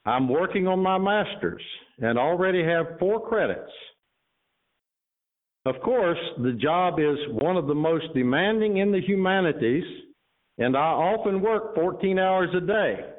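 Pastor preaching over a tinny line. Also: male voice, high voice. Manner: earnest, conversational preaching with asides. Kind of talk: sermon with a read-aloud story. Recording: tinny phone-like sound.

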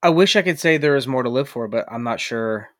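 A man co-hosting a podcast in casual chat, teasing his co-host in a deadpan, halting way. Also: mid-range voice, dry recording, studio quality. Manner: teasing, deadpan, hesitant restarts.

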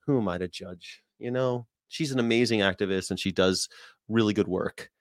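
A man's voice: fairly low pitch, normal speed, no room sound, clean studio sound. A man hosting a reaction video, brash and joking, swearing and repeating short slogans. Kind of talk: blunt reaction commentary.

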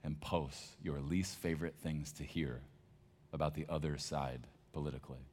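A man's voice: very deep voice, fairly even intonation, normal speed, a little mellow. A male pastor preaching a sermon in a conversational, emphatic storytelling manner.

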